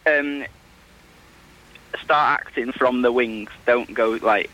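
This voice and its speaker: A man who is a stage actor, calling in to a radio show and answering in a hesitant, halting way. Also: medium pitch, sharp tone, rough recording. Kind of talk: casual call-in chat.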